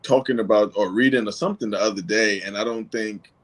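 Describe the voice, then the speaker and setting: Man, podcast guest, relaxed, affirming, easygoing phrasing. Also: lowish voice, fast. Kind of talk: casual conversation.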